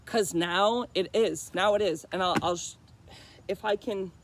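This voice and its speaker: A vlogger delivering a loud, impassioned spiritual monologue straight to camera, swearing freely, calling the listener bro and buddy, and repeating phrases for emphasis. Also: medium pitch, measured pace.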